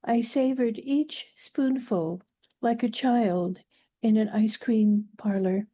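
Soft, measured woman reading a poem. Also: fairly high pitch. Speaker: guest poet. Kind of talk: poetry reading.

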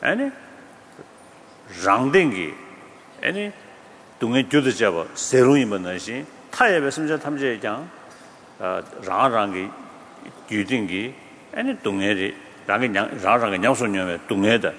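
A man giving a religious teaching in an expressive way, with sudden rises in pitch. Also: normal speed, pauses often. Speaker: Buddhist teacher. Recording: echoey hall, faint background noise.

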